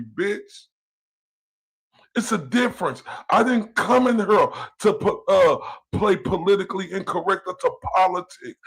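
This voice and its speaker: This livestream host from Dallas, Texas delivers a heated, foul-mouthed rant, taunting and confronting his audience. He has a high-pitched, fairly bright voice that's slightly rough, with noticeable vocal fry.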